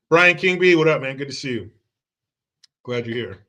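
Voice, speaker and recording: A man's voice: on the high side, animated, normal speed, pushed and bright. A man hosting a livestream, talking casually and profanely and laughing often. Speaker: livestream host.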